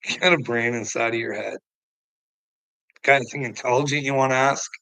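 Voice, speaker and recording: Sharp-voiced man ranting profanely. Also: mid-range voice, steady tone, moderate pace, creaky, clear, resonant tone, no echo, rough recording. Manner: profane, confrontational, goading. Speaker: livestreamer answering chat. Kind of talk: unscripted ranting livestream.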